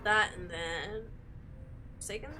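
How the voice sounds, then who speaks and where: A woman's voice: medium pitch, fairly even intonation, takes it slowly, bright, forceful tone, a little hiss or hum. A woman streaming a game who reads the story text aloud and breaks off into joking asides. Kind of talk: live game playthrough, reading the story aloud. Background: game music.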